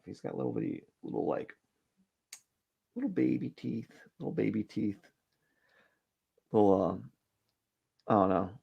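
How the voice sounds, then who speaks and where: An artist hosting a drawing live stream speaks in a low, gravelly, slightly mellow voice while he sketches. His casual running commentary is rambling and hesitant, full of self-questioning and self-deprecation about his work.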